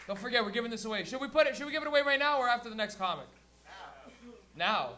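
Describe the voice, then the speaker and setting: A man's voice: very high voice, expressive, very fast, background noise. A man doing crude, rambling live stand-up comedy as host, acting out characters for a crowd. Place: comedy venue before a live audience.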